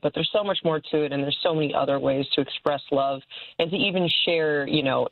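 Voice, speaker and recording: Low-voiced young woman on a tinny line. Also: vocal fry, no room sound. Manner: upbeat, lots of fillers and laughs. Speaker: toy store assistant manager, guest. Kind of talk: call-in radio interview. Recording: tinny phone-like call line.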